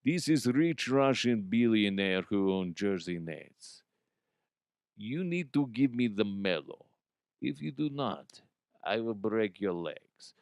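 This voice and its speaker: A man voicing a rich, menacing Russian billionaire who leaves threatening voicemails, speaking slowly in a put-on accent. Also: on the low side, animated, a little mellow, smooth, no echo, clean studio sound, voice pushed down.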